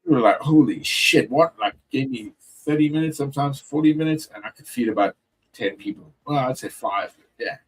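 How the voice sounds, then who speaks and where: A man's voice: mid-range voice, a little fast, darkish tone, husky, low-quality recording. A man chatting as a guest on a live stream, laid-back and rambling, swearing freely. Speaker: panel guest. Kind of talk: casual chat.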